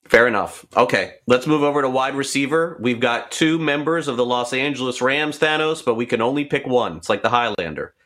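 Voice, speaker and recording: A man's voice: mid-range voice, brisk, hardly any pauses, fairly bright tone. A man hosting a sports talk podcast, playfully quizzing his guest. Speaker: host.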